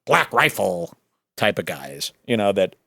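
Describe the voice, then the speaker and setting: A man's voice: low-pitched, big pitch swings, unhurried, pushed and bright, no room sound. A man hosting a podcast, giving sarcastic, rambling, jokey commentary on a video clip. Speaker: podcast host.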